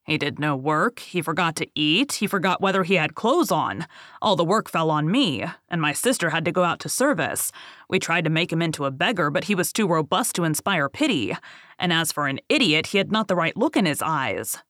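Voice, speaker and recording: A weary older boatman, bitter and grave, recounting his tale in a steady, even storytelling voice, as an audiobook reader puts him on. The voice sits at a middling pitch. It is recorded dry and close, with no room around it. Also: brisk, no room sound, natural voice. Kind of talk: audiobook reading.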